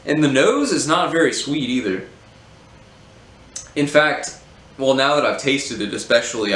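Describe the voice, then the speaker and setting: A man casually reviewing a beer, relaxed and hesitant with many ums. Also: mid-range voice. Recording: roomy echo, faint hum.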